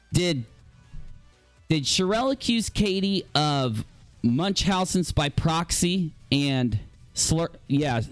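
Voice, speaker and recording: A man's voice: on the high side, no echo. A man streaming live, rambling and confronting a critic directly. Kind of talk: livestream commentary.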